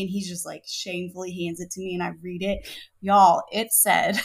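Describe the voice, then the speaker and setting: A woman's voice: lowish voice, a little fast. A woman, co-hosting a podcast and telling a story casually, full of "like" and "you know". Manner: animated, peppered with "like" and "you know". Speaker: podcast co-host.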